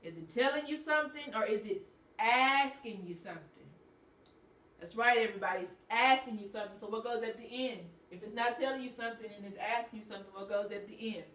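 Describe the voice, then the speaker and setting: A female teacher leads her class through a grammar lesson, patiently explaining step by step and repeating each point. Her voice is on the high side and fairly bright, and she speaks quickly. The room is echoey, and she sounds distant from the mic.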